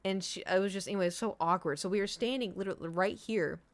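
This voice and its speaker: A woman's voice: mid-range voice, fast talker. A young woman streamer rambling through a casual story, full of "like" and "you know". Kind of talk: casual chat.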